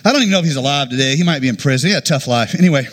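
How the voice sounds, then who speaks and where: A middle-aged pastor delivers a sermon with lots of humor, acting out the people in his stories. His voice is bright and ringing, and it swoops up and down with lively expression. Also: mid-range voice, rapid-fire. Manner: animated, jokey, acts out quotes.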